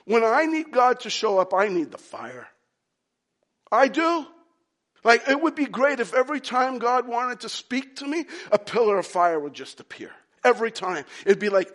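A man preaching a sermon, dropping to hushed whispers and rising to loud, emphatic shouts, with deliberate pauses. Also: high voice, animated. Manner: dramatic pauses, slow deliberate phrasing. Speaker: pastor.

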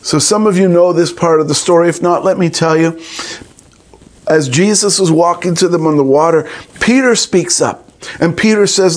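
A man's voice: a little high, animated, normal speed. A man preaching a sermon in an earnest way, retelling a scripture story and acting out the quoted lines. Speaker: pastor.

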